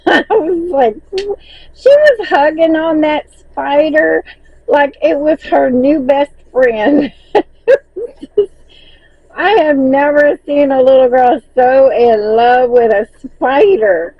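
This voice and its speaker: A woman's voice: sits high, slow pace, slightly rough, no room sound, lo-fi sound. A woman with a Southern accent, chatting casually in a vlog as she recaps her crochet market sales and laughs often.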